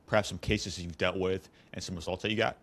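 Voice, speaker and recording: A man's voice: sits low, steady tone, quick pace, a bit bright. A man hosting an interview, asking questions and giving short affirming replies. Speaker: interview host.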